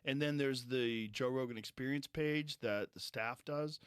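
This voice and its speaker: A man hosting a podcast, talking in a calm, matter-of-fact way and swearing casually in relaxed conversation. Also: mid-range voice, measured pace, smooth. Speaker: podcast host.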